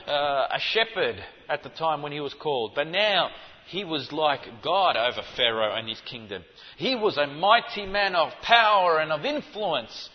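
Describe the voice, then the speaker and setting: Emphatic male preacher in a reverberant hall. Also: high voice. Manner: emphatic teaching, rising to forceful stresses. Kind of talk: sermon. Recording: dull audio with long hall reverb.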